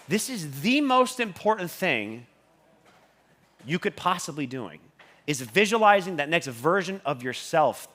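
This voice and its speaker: Male stage speaker, high lively bright voice, swears a lot, loud bursts of excitement. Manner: swears constantly, loud surges when excited. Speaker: conference speaker. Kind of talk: motivational stage talk. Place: stage at a conference.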